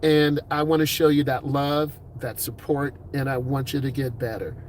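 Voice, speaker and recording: A man's voice: mid-range voice, steady tone, a little mellow, slight background noise. A middle-aged man, a driving instructor, giving upbeat, encouraging advice in a casual talk. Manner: upbeat, encouraging, puts on quick voices for quoted people.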